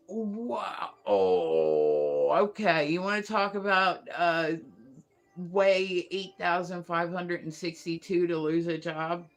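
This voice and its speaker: A woman's voice: fairly low pitch, animated, takes it slowly, soft background music. A woman hosting a casual morning livestream, rambling through stories with lots of fillers and laughing at herself. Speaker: livestream host.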